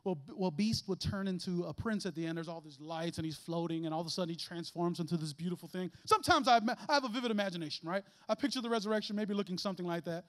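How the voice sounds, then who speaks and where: A man preaches in a church, his voice sitting high and bright for a man. He keeps it conversational and animated, joking with the congregation and acting out little voices as he goes. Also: very fast, few pauses. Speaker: guest preacher. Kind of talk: lively conversational sermon. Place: church sanctuary.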